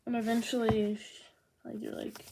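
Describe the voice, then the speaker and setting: A chatty woman talks through a manga volume in easy, casual chat. She is sarcastic and slips in quick impressions of the characters, and her voice has a gravelly, fry-heavy edge. A steady hiss and small clicks run under the recording. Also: a little high. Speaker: manga reviewer.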